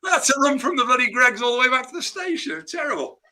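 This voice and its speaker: A man, a podcast guest telling a lively anecdote and acting out the scenes. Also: very high-pitched, quick pace. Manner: lively storyteller, acts out the scenes. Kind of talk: casual anecdote.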